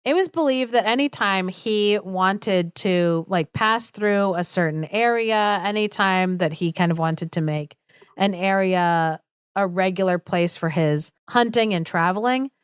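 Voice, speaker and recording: A woman's voice: medium pitch, unhurried, clear, resonant tone, no echo, studio quality. A young adult woman co-hosting a podcast, retelling a folk tale in a chatty way, with lots of fillers. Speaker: podcast co-host. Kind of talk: casual storytelling chat.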